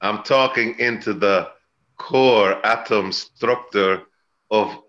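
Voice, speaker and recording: A man reading spiritual cards who rambles in a chanting stream of wordplay, with sudden laughs and jumps in pitch. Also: takes it slowly, fairly bright tone, dull audio. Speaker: spiritual reader. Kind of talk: freewheeling mystical rambling.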